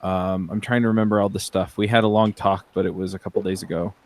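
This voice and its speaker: A man's voice: low-pitched, flat delivery, fast. A man co-hosting a podcast, chatting casually with many ums and restarts. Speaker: podcast co-host. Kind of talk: casual chat.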